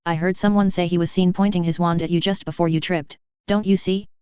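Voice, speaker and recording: A woman's voice: on the low side, steady tone, a little fast, dark tone, clean tone, no room sound, lightly acted. A woman voicing a fierce young girl who warns with urgent intensity, in a dull, dry recording. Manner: intense, near-shrieking warnings.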